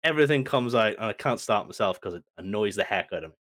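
A man's voice: lowish voice, lively intonation, quick pace, a bit bright. A man co-hosting a wrestling podcast, ranting in an exasperated, mocking way. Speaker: podcast co-host. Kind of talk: heated opinion rant.

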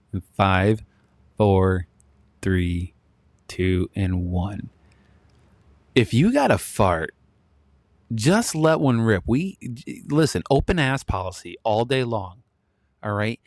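A man's voice: lowish voice, no room sound. A man in his thirties hosting a solo commentary show, blunt and ranting, often breaking into laughter. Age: 30s. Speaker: podcast host.

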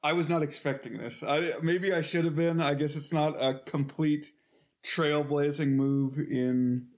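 A man co-hosting a podcast, chatting casually about a film with relaxed, amused reactions. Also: fairly high pitch, measured pace. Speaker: podcast co-host.

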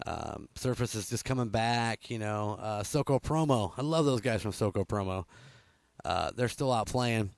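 A man's voice: fairly low pitch, expressive, moderate pace, creaky, no room sound. A man hosting a casual radio show from a studio, rambling with lots of fillers and chuckles. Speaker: radio host.

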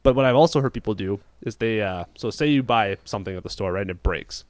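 Fast-talking male podcast host, profane and rambling, recorded dry and close. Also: lowish voice, no echo. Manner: rambling, profane storytelling with frequent restarts. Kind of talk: casual chat.

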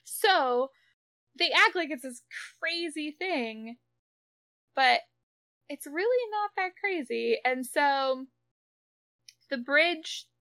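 A woman co-hosting a podcast, recapping an episode in casual chat, animated and swearing freely. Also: sits high, dry recording. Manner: animated, swears casually, quick asides and laughs. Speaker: podcast co-host.

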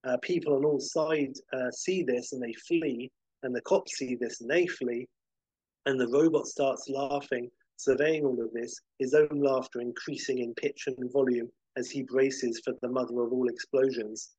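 A man hosting a podcast, casually rambling through a film pitch scene by scene with lots of fillers. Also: steady tone, moderate pace, a little mellow, husky, no room sound, poor audio. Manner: rambling, many fillers and restarts, vivid scene-by-scene description.

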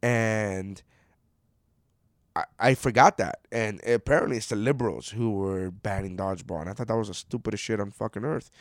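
A man in his thirties ranting casually, cursing often and swinging from low mutters to loud outbursts. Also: moderate pace, dry recording. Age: 30s. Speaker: commentator reading an article. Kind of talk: casual rant.

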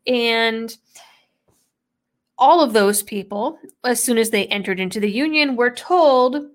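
A woman talks through an article on her own, reading out quotes and then answering them with skeptical, sarcastic asides. Her voice sits a little on the high side for a woman, and she keeps up a steady commentary. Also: slow pace. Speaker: political commentator. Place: New England background.

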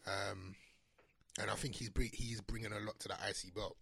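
A man's voice: fairly low pitch, steady tone, normal speed, creaky, pushed and bright, husky. A man co-hosting a casual wrestling chat, giving his opinions with enthusiasm. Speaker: co-host.

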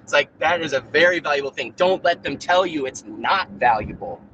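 A man's voice: a little high, lively intonation, normal speed, highs cut off, noisy background. A man ranting in casual chat on a live stream, rambling, with lots of fillers and restarts. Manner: puts on mocking voices when quoting. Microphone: own mic on a remote call.

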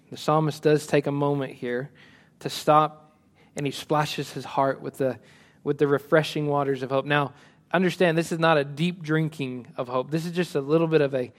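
A male pastor preaching a sermon, rising to emphatic lines and dropping to soft, quiet asides. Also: fairly high pitch.

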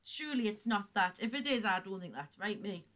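A woman co-hosting a casual podcast chat, teasing and quick to laugh. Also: medium pitch, lively intonation, a bit bright. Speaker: podcast co-host.

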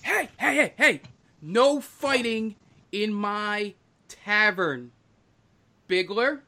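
Brisk female bartender, firm and bossy, put on by a man running the game. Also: high voice, expressive, pushed and bright, voice pushed up, exaggerated voice. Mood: scolding.

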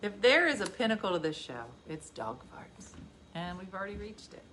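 A woman's voice: medium pitch, big pitch swings, normal speed, noisy background. A woman, chatting casually and teasingly on a live stream from home, laughing often. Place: home at night. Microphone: phone camera.

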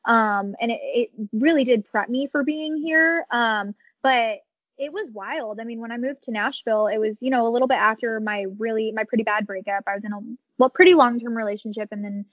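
A young woman from Michigan chats as a guest, rambling and giggling between her thoughts. Her voice sits a little high. The sound is dry and slightly muffled, like a lo-fi remote recording. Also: fairly quick, no echo. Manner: chatty, giggly, rambling with many fillers. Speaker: guest musician. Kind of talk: casual podcast chat.

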